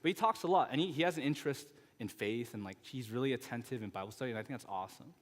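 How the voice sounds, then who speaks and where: A man's voice: mid-range voice, racing. A man in his thirties preaching a sermon as a guest pastor, telling personal stories in a loose, conversational way with frequent asides. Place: church sanctuary. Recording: reverberant church sanctuary.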